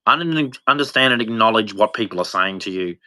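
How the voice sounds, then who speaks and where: Brief: man, livestream monologue, bright forward tone, halting, restarting, worn down. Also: fairly low pitch, lively intonation, smooth. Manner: halting, rambling, with frequent restarts; weary and despondent. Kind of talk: unscripted personal monologue.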